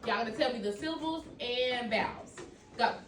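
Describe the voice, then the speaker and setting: A woman's voice: a little high, normal speed. A woman teaching children a phonics lesson in a classroom. She is encouraging, calls on students by name and repeats their answers back to them. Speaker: elementary school teacher. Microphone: far from the mic. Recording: echoey, distant and noisy classroom recording.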